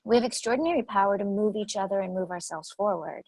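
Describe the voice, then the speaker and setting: A woman's voice: mid-range voice, fast, vocal fry, a little mellow, no room sound, poor audio. A woman speaking as an interview guest, telling stories animatedly and repeating phrases for emphasis. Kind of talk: conversational interview storytelling.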